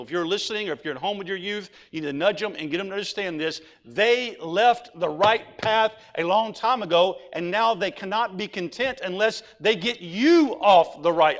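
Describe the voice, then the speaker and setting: High-voiced preaching man. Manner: reads scripture aloud then preaches, rising to urgent pleading. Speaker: pastor. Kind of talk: sermon.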